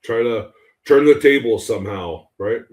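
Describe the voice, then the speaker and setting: A man's voice: mid-range voice, normal speed. A man co-hosting a podcast, talking casually and rambling with many fillers. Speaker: podcast co-host. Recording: echoey room.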